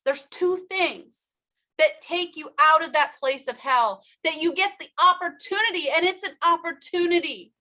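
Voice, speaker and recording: Female motivational speaker, high and bright, emphatic, addresses the audience directly. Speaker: workshop speaker. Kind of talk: motivational personal story talk.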